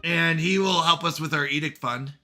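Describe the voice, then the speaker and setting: Game-streamer guy, high, very bright voice, lively pitch, self-scolding commentary. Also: moderate pace, faint music behind. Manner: animated, scolds himself over mistakes. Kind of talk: let's play commentary.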